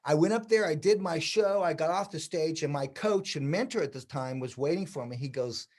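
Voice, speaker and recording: A man in his sixties with a fairly high voice tells stories from his career in a relaxed interview. He is animated and acts out the remarks of people he quotes. He sounds like a practiced teacher speaking to other stylists. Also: brisk. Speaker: hairdressing educator, guest. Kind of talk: casual interview storytelling.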